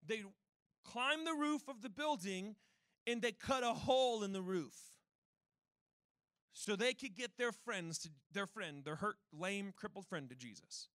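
A man's voice: high voice, unhurried, dry recording. A male pastor preaching a sermon, telling stories with rhetorical questions. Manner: animated storytelling with rhetorical questions. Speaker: church pastor.

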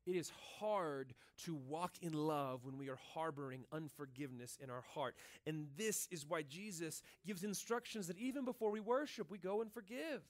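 High-voiced man preaching a casual sermon. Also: moderate pace, few pauses. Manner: casual and earnest, filling speech with "like" and "right?". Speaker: pastor. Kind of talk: conversational sermon. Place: church.

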